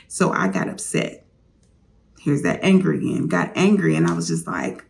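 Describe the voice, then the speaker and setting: A woman's voice: low-pitched, big pitch swings, normal speed, vocal fry, a little mellow, a little hiss or hum. A woman vlogger candidly telling a personal story, confiding straight to her viewers.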